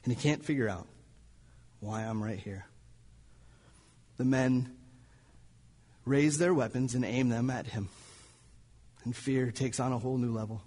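A man's voice: medium pitch, unhurried, pauses often, darkish tone, long reverb tail. A male pastor preaching a sermon in a church, telling a story dramatically and sometimes dropping to near-whispers. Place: church sanctuary.

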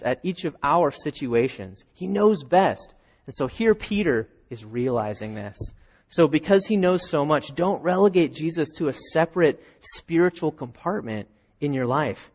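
Male pastor, slightly high voice, animated storyteller on a stage mic. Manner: animated storytelling, acting out characters with raised voice. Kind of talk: sermon. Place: church stage.

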